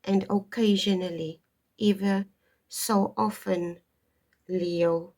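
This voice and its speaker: Slow, husky woman reading tarot. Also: medium pitch, steady tone, darkish tone. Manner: digressive, emphatic, stops to stress points. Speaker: tarot reader. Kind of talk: casual spoken astrology reading.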